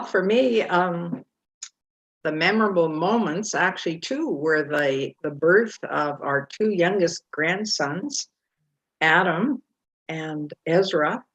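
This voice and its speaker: An older woman chatting on a church video call, warm and unhurried. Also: fairly low pitch, lo-fi sound. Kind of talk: casual chat.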